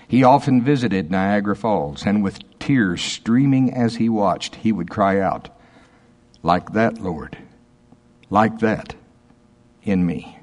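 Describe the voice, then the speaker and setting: A male pastor preaching a sermon, reading quotations slowly and emphatically with asides to the congregation. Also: fairly low pitch, darkish tone.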